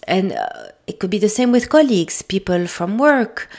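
A woman with a French accent, hosting a podcast and talking things through in a gentle, thoughtful way with frequent fillers and restarts. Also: mid-range voice, expressive, moderate pace. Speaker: podcast host. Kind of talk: casual solo podcast talk.

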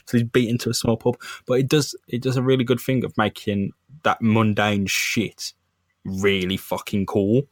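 Sweary, joking podcast host. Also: male voice, fairly low pitch, moderate pace, no room sound, studio quality. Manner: excitable, joking, heavy swearing. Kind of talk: casual sweary podcast chat.

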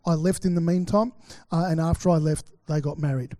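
Middle-aged Australian pastor, high-pitched, anecdotal preacher who acts out his quotes, dry close sound. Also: fairly even intonation, a little fast, dark tone, no room sound. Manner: chatty storytelling, acts out quotes, many fillers. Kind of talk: sermon with personal stories.

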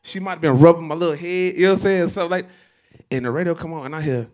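A man's voice: fairly high pitch, very fast, a little mellow. A man in casual podcast chat, telling a story in a laid-back way with laughs. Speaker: radio host.

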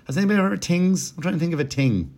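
A man's voice: a little high, very animated, very fast, gravelly, breathy edge. A man hosting a podcast, telling a story in a rambling, profane, casual comedic way, with mocking impressions. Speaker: podcast host.

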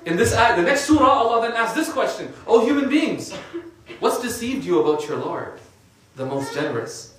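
A man's voice: extremely high pitch, sing-song, normal speed, a bit bright, a little hiss or hum. Echoey man giving a casual sermon. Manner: conversational, uses casual fillers. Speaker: religious speaker. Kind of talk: informal sermon. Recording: echoey room from a distant mic.

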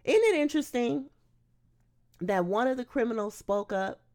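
A woman's voice: fairly high pitch, normal speed. A woman preacher delivering a sermon. She reads scripture aloud and then explains it in an emphatic, conversational way. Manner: animated, emphatic preaching that breaks into acted-out quotes.

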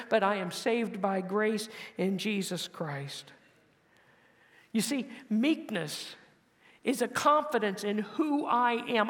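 A man preaches as pastor, swelling to emphatic, louder phrases, then easing down soft and low as each point ends. His voice is heard with a long hall reverb.

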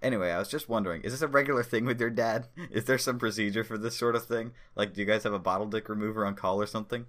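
A man's voice: on the low side, racing, hardly any pauses, fairly bright tone, lightly acted. A man voicing a flippant, teasing male agent who talks in a breezy, mocking way.

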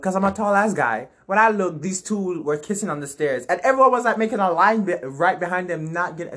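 A man's voice: sits high, fairly bright tone. A young man chatting casually and bluntly, trading opinions and laughing easily. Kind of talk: casual chat.

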